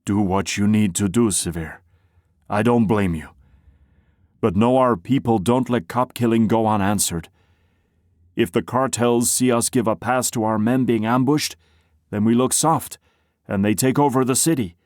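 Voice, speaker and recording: A man's voice: lowish voice, a little slow, darkish tone, no echo, clean studio sound, lightly acted. A man voicing a weary police chief who speaks firmly and bluntly. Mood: grim. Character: tired, blunt middle-aged police chief. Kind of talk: audiobook character voice.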